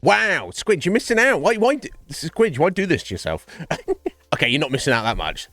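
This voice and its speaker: Male streamer, rambling chat; animated delivery, dry mic. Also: on the high side, normal speed, dry recording, soft background music. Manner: rambling, laughs often, swears. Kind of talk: casual chat with viewers.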